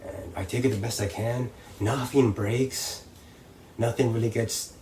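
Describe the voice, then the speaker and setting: Animated young man telling a wrestling story. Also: medium pitch, measured pace. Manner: animated, acts out voices and crowd reactions. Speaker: professional wrestler. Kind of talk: casual storytelling. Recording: slightly distant mic, faint background noise.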